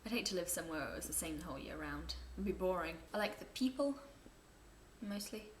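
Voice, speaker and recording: A woman's voice: on the low side, lively intonation, a little fast. A young woman, chatting to camera at home as she answers viewer questions, rambling and amused by her own asides. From England. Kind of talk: casual chat to camera. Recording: echoey room, faint background noise.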